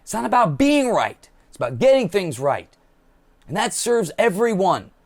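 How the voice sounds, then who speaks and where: A man rants bluntly and profanely in a monologue, mocking people by quoting them. His pitch swings widely as he talks. His voice sits a little high. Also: very animated, moderate pace. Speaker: political commentator. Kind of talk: impassioned monologue.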